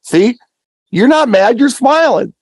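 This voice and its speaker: A cheery, sing-song show host's greeting , as a man does his impression. The voice jumps high above his normal talk. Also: lively intonation, slow pace, dry recording, clean studio sound, full character voice. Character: impression of a fellow male show host, cheery.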